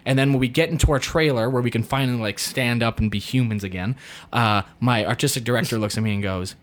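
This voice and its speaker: A man's voice: mid-range voice, quick pace. A male actor telling a funny story in casual conversation, laughing often as he talks. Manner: laughs often, lively anecdote.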